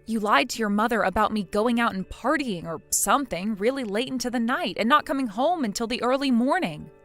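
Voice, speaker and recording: A woman's voice: on the high side, expressive, fairly quick, faint music behind, close to an everyday voice. A woman voicing a weary young wife in a text-message drama, pleading and defensive. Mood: accusing.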